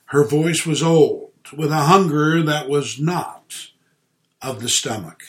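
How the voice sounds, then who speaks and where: A man narrating an inspirational story in a gentle, measured reading voice. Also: fairly high pitch.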